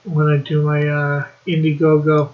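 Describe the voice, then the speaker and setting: A man's voice: a little high, completely flat delivery, moderate pace, phone-quality sound, a little hiss or hum. A man hosting a casual livestream chat, reading the chat aloud and laughing often. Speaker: livestream host.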